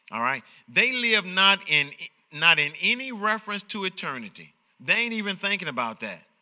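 A man's voice: on the high side, sharp tone. A man preaching at a midweek Bible study, emphatic and repetitive, often saying "watch this" and checking in with the listeners. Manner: emphatic, repeats "watch this" and "all right?". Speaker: pastor teaching Bible study. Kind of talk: sermon-style Bible teaching.

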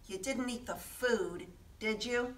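A woman's voice: a little high, takes it slowly. A woman voicing a patient, reassuring female mouse in a storybook reading. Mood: cheerful. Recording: echoey room, voice from a distance.

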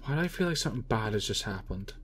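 A man playing a video game, reading its lines aloud and talking to himself with sudden loud outbursts. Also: on the low side, animated, racing, soft background music. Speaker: gaming YouTuber. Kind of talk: let's play commentary, reading dialogue aloud.

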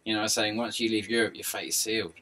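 A middle-aged man with an excitable, rambling delivery, talking to his video subscribers. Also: fairly low pitch, racing. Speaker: video blogger. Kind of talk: rambling monologue.

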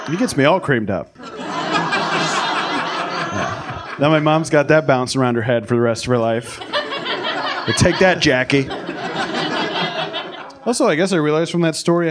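A young American man doing a stand-up set, telling stories in a deadpan, self-deprecating way. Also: mid-range voice, heavy background noise. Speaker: stand-up comedian. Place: comedy club stage, live audience. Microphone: handheld stage mic. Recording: live club with loud crowd laughter.

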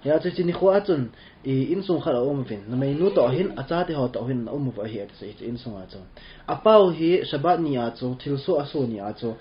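A man interpreting a rabbi's class, talking quickly and trailing off at the ends of phrases. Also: mid-range voice, lively intonation. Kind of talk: rapid spoken translation. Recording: dull lo-fi sound with faint room noise.

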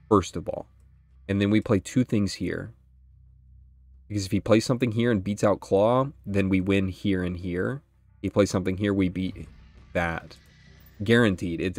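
A young man with a deep, low voice talks through a card game as he plays, thinking aloud and swearing freely when things go wrong. Soft music plays faintly underneath. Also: no echo. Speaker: gaming channel host. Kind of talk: live gameplay commentary.

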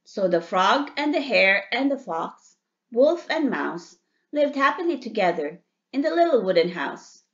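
A woman reading a children's storybook aloud to a child in a lively, emphatic way. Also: fairly high pitch, measured pace. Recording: dull lo-fi sound.

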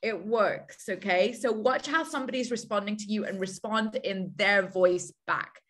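A woman's voice: medium pitch, normal speed, a bit bright. A woman hosting a team video call, coaching listeners in an upbeat way and repeating her key points. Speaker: call host.

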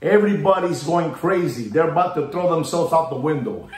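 A man ranting theatrically about the watch market, repeating himself and swinging between loud bursts and low mutters. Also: lively intonation, a little fast. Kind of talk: hyped market rant to camera. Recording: roomy echo.

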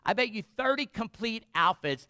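A man's voice: sits high, expressive, normal speed, pushed and bright, no room sound, clean studio sound, voice pushed up. A man preaching while voicing a young, hot-headed strongman who brags and makes bets. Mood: bragging. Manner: brash, bragging and raised.

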